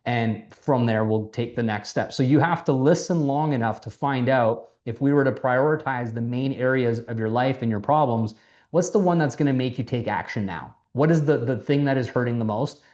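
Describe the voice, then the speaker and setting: Male mentor, mid-pitch, loose and animated, casual swearing, lo-fi sound. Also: moderate pace. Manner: animated, acts out quoted dialogue, swears casually. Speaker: mentor teaching sales. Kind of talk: casual coaching talk.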